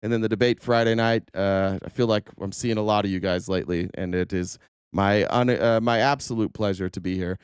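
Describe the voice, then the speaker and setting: A man hosting a political livestream, full of sarcasm and swearing as he rants and reads out viewer comments. His voice is smooth and resonant, a little worn, with a dry, close sound and no room echo. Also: fairly low pitch, steady tone, brisk. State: voice a bit worn. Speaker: livestream host. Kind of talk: casual political livestream rant.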